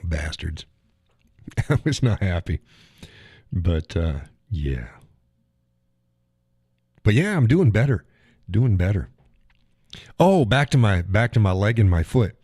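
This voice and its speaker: Speaking slowly with long pauses, this man has a lowish, warm, husky voice and is very animated, captured in a dry, clean studio recording. Laid up with a leg injury, he hosts a live stream, chatting casually over viewer comments and rambling through stories full of swearing and chuckles.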